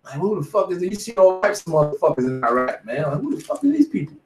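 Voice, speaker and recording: A man's voice: high-pitched, big pitch swings, fast, over music. A man around forty teaching the bible, casually preaching and telling war stories, emphatic and profane, saying "man" after almost every phrase. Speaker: street bible teacher leading the study. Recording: echoey room.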